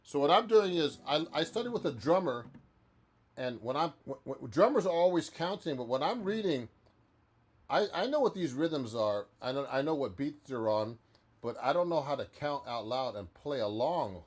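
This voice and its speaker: A fairly high, expressive voice at moderate pace belongs to this professional musician and guitar instructor. He chats casually on a live-stream while practicing, taking viewer questions and often restarting his sentences.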